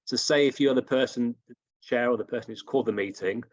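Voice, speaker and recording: A man takes part in an online workshop, setting out his point in a measured, explanatory way. His voice sits at a middle pitch. The video-call audio sounds dull and dry. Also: no echo. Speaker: workshop participant.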